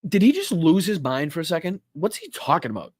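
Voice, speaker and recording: A man hosting a podcast, talking in a fairly high voice that swings up and down a lot. He is profane and incredulous, and he keeps stopping clips to argue back. The sound is dry and close. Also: sing-song, brisk, husky, no echo. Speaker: podcast host. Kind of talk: casual political commentary.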